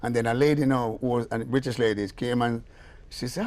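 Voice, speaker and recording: Older Jamaican male producer, casual raconteur, animated delivery. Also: mid-range voice, brisk. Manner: animated, acts out voices in anecdotes. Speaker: veteran reggae producer. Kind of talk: casual storytelling interview.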